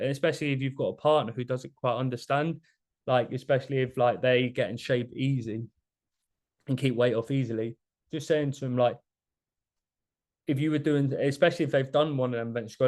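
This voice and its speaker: A man's voice: medium pitch, fairly even intonation, fairly quick, darkish tone. A young man coaching a group on diet and mindset, talking loosely and casually with many restarts and the odd swear word. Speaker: fitness coach. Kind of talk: live group coaching session.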